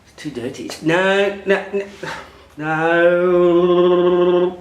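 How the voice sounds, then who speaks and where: A man's voice: sits high, fairly even intonation, extremely slow. A father filming his toddler at home and coaxing him along in a sing-song baby-talk voice. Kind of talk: home video chat with a toddler. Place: family home, indoors. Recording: echoey room with loud vacuum hum.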